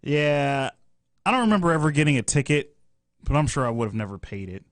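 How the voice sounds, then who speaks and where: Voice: medium pitch, sing-song, a little fast, no room sound. A radio co-host in casual chat, answering with short, laid-back remarks and agreement.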